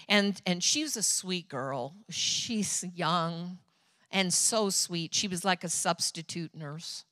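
A woman preaching a sermon as a pastor's wife, telling personal stories in an animated, chatty way. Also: fairly low pitch, slow, dry recording.

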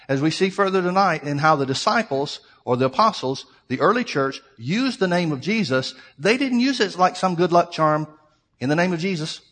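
A man's voice: fairly high pitch, fairly bright tone. A man preaching a sermon to his congregation, reading scripture aloud and explaining it verse by verse. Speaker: pastor. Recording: long hall reverb.

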